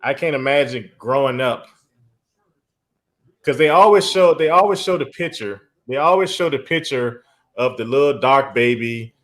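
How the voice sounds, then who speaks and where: A man's voice: medium pitch, moderate pace, a bit bright. A man hosting a casual live stream, talking emphatically, repeating his phrases and often breaking into laughter.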